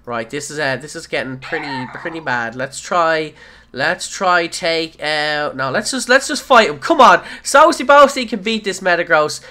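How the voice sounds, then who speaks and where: A man hosting a gaming video, giving playful let's-play commentary that bursts into excited shouts and silly made-up rhyming words. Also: fairly high pitch, normal speed.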